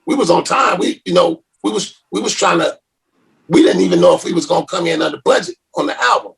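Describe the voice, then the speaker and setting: Man, interview guest, very gravelly, raspy, casual storytelling, repeats and restarts phrases. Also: high-pitched, fast talker, a bit bright, distant mic.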